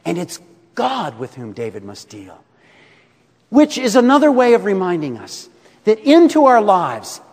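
A man preaching a sermon as pastor, expressive, swinging between rising emphasis and soft, quiet drops. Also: high-pitched, big-room sound.

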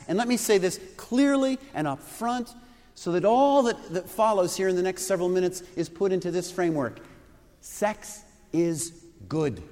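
A male pastor preaching a sermon, teaching with rhetorical questions. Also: high-pitched. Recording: reverberant hall recording.

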